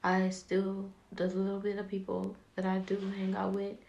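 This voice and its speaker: A young woman telling a story from her teenage years while doing her hair, casual and animated, acting out what people said. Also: mid-range voice, moderate pace, creaky, dull audio. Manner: animated, acts out quoted voices, slangy and candid. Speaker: vlogger. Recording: roomy echo with faint background noise.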